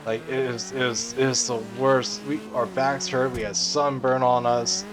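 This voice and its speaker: A young man streaming a game, telling a childhood story in a rambling, swearing way and shouting when he acts out quotes. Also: mid-range voice, level tone, normal speed, music in the background. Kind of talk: casual storytelling while gaming. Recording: faint background noise.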